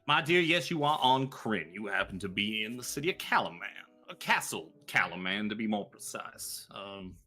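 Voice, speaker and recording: A man's voice: fairly low pitch, sing-song, moderate pace, few pauses, pushed and bright, soft background music, full character voice. A man voicing a courtly, long-winded male author and part-time adventurer who talks in polite, flowery speech. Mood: genteel.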